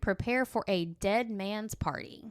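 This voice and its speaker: A woman's voice: mid-range voice, unhurried, clean tone, no room sound. A woman co-hosting a podcast, chatting casually with joking asides and little energy. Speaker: podcast co-host. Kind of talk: casual chat.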